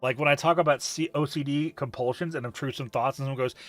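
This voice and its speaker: A man's voice: on the high side, animated, a little fast, hardly any pauses, dry recording, soft background music. A man chatting on a live stream, emphatic and profane, ranting and reading chat messages aloud.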